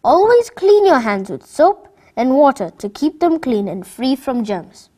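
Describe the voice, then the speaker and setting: Woman voicing a doctor, patient, instructive, slow, higher pitch. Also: sing-song, dark tone, heavily acted. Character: patient, kind doctor giving advice.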